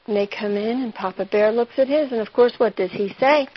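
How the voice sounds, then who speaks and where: A woman's voice: on the high side, brisk, highs cut off. A woman teaching a writing lesson, asking her students questions and retelling a fairy tale to show them craft. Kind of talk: lecture on fiction writing.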